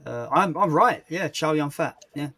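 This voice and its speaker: Hesitant young man, slightly high. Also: expressive, moderate pace, pushed and bright. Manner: hesitant, self-deprecating, throat-clearing. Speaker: stream co-host reading chat questions. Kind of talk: casual chat.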